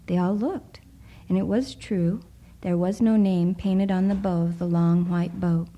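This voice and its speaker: A woman reading a story aloud in a hushed voice, often dropping into a whisper. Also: lowish voice, steady tone, measured pace, lo-fi sound. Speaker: narrator. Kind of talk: soft-spoken story reading.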